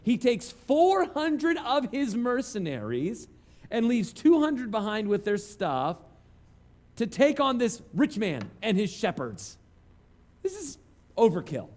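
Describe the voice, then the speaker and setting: A man's voice: high-pitched, sing-song, slow, darkish tone. A man preaching a conversational sermon, telling self-deprecating stories. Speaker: pastor.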